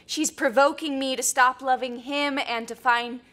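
A woman's voice: sits high, fairly even intonation, moderate pace, fairly bright tone. An actress playing an earnest woman who overshares at a support group.

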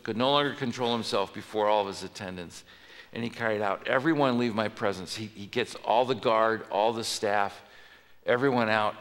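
In a church sanctuary, a male pastor gives a conversational sermon, telling the story and putting questions to his listeners. His voice sits lowish and a bit bright, and long hall reverb fills the recording.

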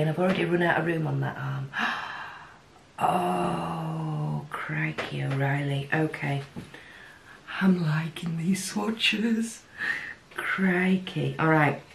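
A woman from the UK chatting casually through a makeup unboxing, giddy, with gasps and breathy exclamations. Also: low-pitched, slight background noise. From United Kingdom. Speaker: beauty vlogger.

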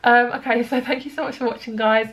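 A woman's voice: a little high, flat delivery, fast, a bit bright. A young woman chatting casually through a tarot reading, rambling with lots of fillers. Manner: chatty, rambling, many likes and ums. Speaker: tarot card reader.

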